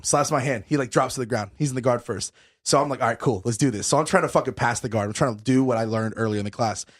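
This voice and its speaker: Here a young man who hosts a podcast spins an animated, expletive-filled story in casual conversation while still panting. His voice is medium in pitch.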